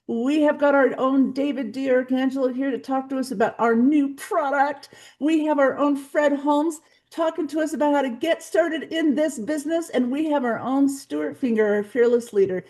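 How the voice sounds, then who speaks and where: Excited woman, meeting host, high voice, upbeat welcome. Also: moderate pace, hardly any pauses. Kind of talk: hosting an online company meeting.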